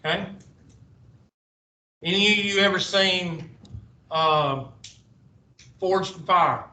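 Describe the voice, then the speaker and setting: A man's voice: high-pitched, takes it slowly, pushed and bright. A male math teacher, lecturing a class with rambling, sarcastic asides. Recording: echoey classroom from far off.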